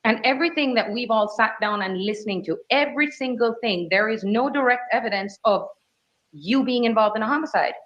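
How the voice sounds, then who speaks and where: A woman's voice: on the high side, a little fast, a bit bright. A woman attorney questioning a witness in court with firm, leading questions. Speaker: defense attorney. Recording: dull courtroom audio.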